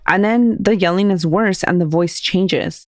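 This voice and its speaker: A woman's voice: on the low side, a little slow, a little mellow, dry recording. Woman telling a scary story, dry close mic. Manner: retells a call with acted quotes and laughs. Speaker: podcast co-host. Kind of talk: casual storytelling chat.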